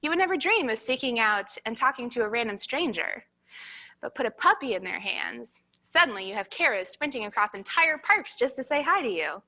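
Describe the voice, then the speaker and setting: Bright-voiced woman giving a sermon. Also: on the high side, very animated, brisk, poor audio. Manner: playful, joking asides. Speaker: church speaker.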